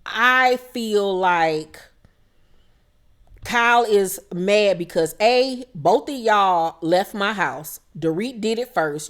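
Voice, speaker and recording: Blunt, profane woman recapping reality TV. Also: mid-range voice. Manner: blunt, profane, quotes cast members in quick impressions. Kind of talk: casual recap commentary.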